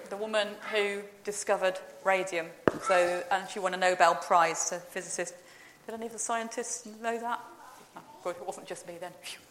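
A woman's voice: medium pitch, fairly bright tone. A woman speaking in a church service, quizzing the congregation in a chatty, playful way. Her voice carries a roomy echo from the church, with a faint hum of room noise behind her. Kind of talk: informal all-age talk in a church service.

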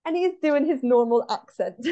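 A woman's voice: sits high, moderate pace. Ranting West Country woman, lo-fi. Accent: West Country English. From West Country, England. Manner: animated, ranting, laughs often. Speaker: podcast co-host. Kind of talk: casual film chat. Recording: dull lo-fi audio.

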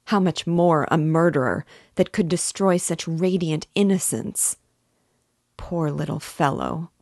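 A woman reading as a gentle grieving young man. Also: low voice, a little slow, vocal fry, no echo, studio quality, exaggerated voice. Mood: mournful.

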